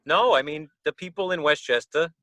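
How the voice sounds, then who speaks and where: A man's voice: fairly high pitch, fairly quick, background noise. A middle-aged man from the Bronx with a New York accent, a guest musician telling stories loosely and swearing freely. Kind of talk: casual chat.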